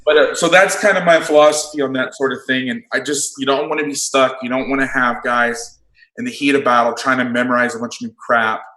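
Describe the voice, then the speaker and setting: A man who coaches football, breaking down defensive play calls in a casual chat, blunt and quick to swear. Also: medium pitch, fairly even intonation, pushed and bright. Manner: blunt, swears freely, explains plays in detail. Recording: roomy echo.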